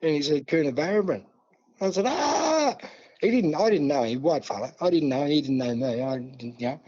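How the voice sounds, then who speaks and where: An older man from New South Wales with an Australian accent, telling a long story in a relaxed interview and acting out the dialogue. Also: medium pitch, quick pace, slightly rough. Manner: yarning, acts out dialogue, many "see?" and "mate". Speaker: guest elder. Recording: dull lo-fi sound.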